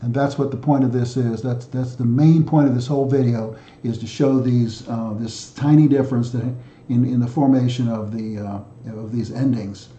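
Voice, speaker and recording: A man hosting a recorded language lesson, chanting lists of word endings and explaining them haltingly, often correcting himself. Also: mid-range voice, fairly even intonation, mellow. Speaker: self-taught language video host. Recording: echoey room, dull sound.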